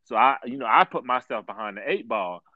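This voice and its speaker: A man's voice: medium pitch, brisk, dry recording, phone-quality sound. A man in casual chat, telling stories with lots of laughter and repeated slang. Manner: animated storyteller, says "dog" often, laughs while telling.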